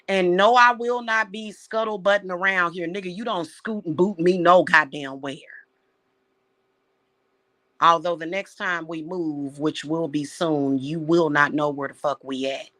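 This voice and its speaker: A woman vlogger aims an angry, profane rant directly at someone, repeating her words as she goes. Her voice is lowish and fairly bright in tone, and she speaks a little slowly.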